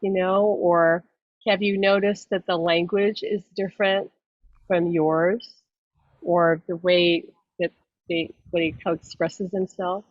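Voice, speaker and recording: In a slow, level, lowish voice, a woman psychic medium rambles through a casual explanation, cutting herself off and laughing often. The audio has no echo, sounding dull, dry, close and lo-fi.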